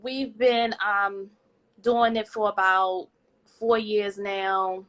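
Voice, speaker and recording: A woman's voice: mid-range voice, takes it slowly. A woman guest on a podcast live stream, chatting casually and acting out quotes as she tells stories. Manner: animated storyteller acting out quotes.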